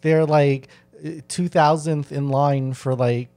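A man's voice: fairly high pitch, steady tone, slow, a little mellow. A man hosting a podcast, chatting casually with many restarts and fillers. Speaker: podcast host.

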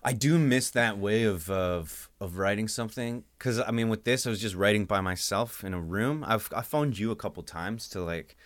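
A man from Canada, a comedy writer co-hosting a casual chat, rambling and trailing off softly, then going loud and high when he riffs. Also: moderate pace, hardly any pauses, dry recording, clean studio sound. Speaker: podcast co-host and comedy writer.

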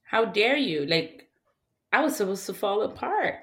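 A woman's voice: medium pitch, very animated, a little slow, fairly bright tone. Woman sharing grief in candid talk. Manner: emotional, reflective, many "like" fillers. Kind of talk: candid casual conversation.

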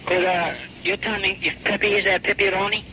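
A man's voice: sits high, level tone, brisk, bright, forceful tone. A man making a prank phone call, taunting and baiting the person on the line. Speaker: prank caller. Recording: hissy old phone tape.

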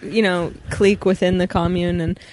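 A woman's voice: on the low side, level tone, normal speed, a little mellow, slight background noise. A woman, a comedian guest on a podcast, chatting playfully with a lot of giggles. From Canada. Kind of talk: casual podcast chat.

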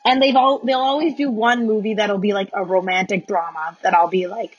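A woman with a Canadian accent in casual conversation as a co-host, frank, profane and quick to laugh. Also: medium pitch, steady tone, husky, lo-fi sound. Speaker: podcast co-host. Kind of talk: casual chat.

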